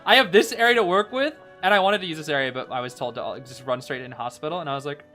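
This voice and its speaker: A young man commentating live gameplay as a streamer, excitable, dropping into low groans and then breaking into sudden shouts. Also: quick pace, few pauses, soft background music. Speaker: game streamer.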